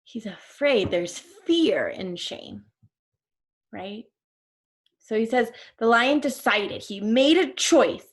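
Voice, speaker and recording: A woman's voice: fairly high pitch, lively intonation, slow pace. A woman teacher reading a storybook to her class, stopping to explain words and ask questions.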